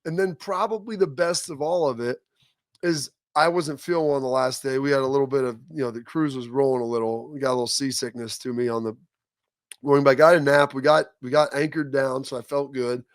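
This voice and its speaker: A man's voice: medium pitch, steady tone, brisk, no room sound. Rambling male show host, dry sound. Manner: rambling storyteller with restarts. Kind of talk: casual chat.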